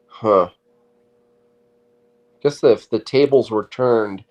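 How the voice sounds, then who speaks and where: A man co-hosting a comedy podcast, talking in casual, deadpan, teasing banter. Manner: deadpan, teasing, lively pitch. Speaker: co-host.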